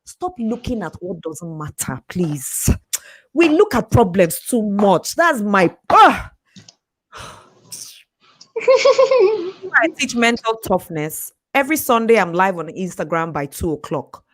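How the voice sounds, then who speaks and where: A woman giving a fast, emphatic motivational talk, laughing often. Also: mid-range voice, very animated. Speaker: speaker and coach.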